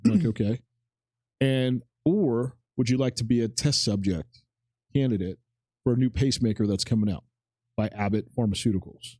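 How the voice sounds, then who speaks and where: The dark-toned, mid-range voice of a forties-aged podcast co-host moves at a normal speed with no echo. In relaxed chat he tells a rambling story from his life, imitating the people in it and swearing casually.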